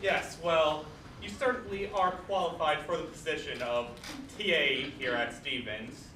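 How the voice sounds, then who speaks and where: A man's voice: fairly high pitch, a little slow, pushed and bright. A young man in a student comedy sketch playing a pompous university official who mock-apologizes. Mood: smug. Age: young adult. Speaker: sketch actor. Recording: echoey room, far mic, noisy.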